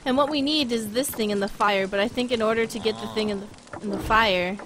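A woman's voice: on the high side, brisk, fairly bright tone, slight background noise. A woman casually commentating a video game she plays, rambling and self-deprecating. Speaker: gaming streamer. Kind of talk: let's play commentary.

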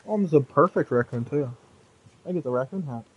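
A young man giving casual gameplay commentary, profane and animated, ranting with mock outrage. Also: on the high side, a little fast, husky, highs cut off. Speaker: gamer streamer.

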